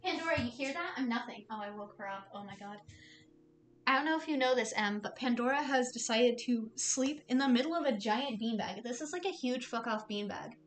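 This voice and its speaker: A young woman with a somewhat high voice plays a visual novel on a live stream from home. She reads the story lines aloud, then drops into loose, chatty asides and mock exasperation at the game. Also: a little fast, a little hiss or hum.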